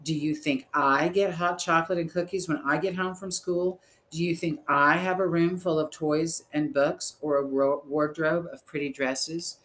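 A man's voice: fairly high pitch, steady tone, moderate pace, hardly any pauses, a bit bright, a little hiss or hum, voice pushed up, close to an everyday voice. Elsie, a resentful jealous girl, voiced by a man. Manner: scornful, demanding. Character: bossy, resentful young girl, jealous and blunt. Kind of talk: audiobook reading.

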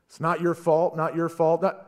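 A man's voice: on the high side, completely flat delivery, moderate pace, natural voice. A man preaching, voicing a group of desperate sailors calling out urgently in a storm. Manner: loud, urgent. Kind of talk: sermon storytelling.

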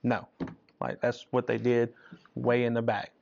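A man's voice: medium pitch, little pitch movement, unhurried, creaky, a little mellow. A man leading a Bible study in a conversational teaching style, often checking in with listeners by asking "right?" after his points. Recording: dull lo-fi recording.

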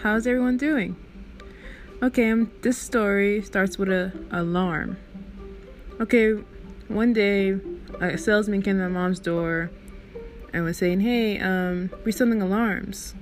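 A woman's voice: medium pitch, a little slow, pauses often, soft background music. A woman hosting her own show, telling a personal story in a casual, rambling way. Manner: chatty, rambling, animated in recounting. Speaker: storyteller host.

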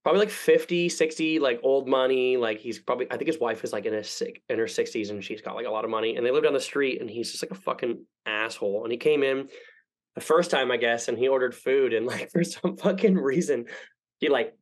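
A young man talks fast and loose on a podcast. He swears freely and jumps into animated voices to act out his stories, and his voice sits in a middle range. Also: medium pitch. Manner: fast, profane storytelling with animated impressions. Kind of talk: casual chat.

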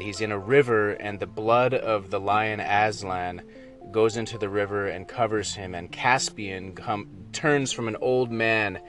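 Brief: thoughtful, hesitant middle-aged man, deep voice, unhurried. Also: a bit bright. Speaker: Christian speaker. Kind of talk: reading aloud and reflecting.

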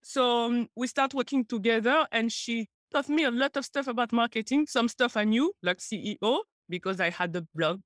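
A woman's voice: fairly high pitch, moderate pace, hardly any pauses, dry recording. Playful French-accented woman guest. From France. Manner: playful, laughing, animated storyteller. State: a little nervous. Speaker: podcast guest.

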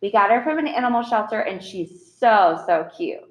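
A woman's voice: medium pitch, animated, normal speed, dull audio, close to an everyday voice. A woman voicing a chatty, bubbly young schoolgirl who gushes in a storybook. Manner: bubbly, gushing. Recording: roomy echo.

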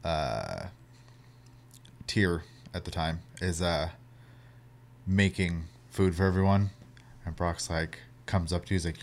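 A man in a casual chat about a video game, speaking in a measured, thoughtful way. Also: sits low, animated, vocal fry, slight background noise.

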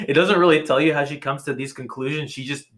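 A man's voice: fairly high pitch, animated, brisk, a bit bright. A young man co-hosting a podcast in casual, profane chat, laughing often and full of fillers. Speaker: podcast co-host.

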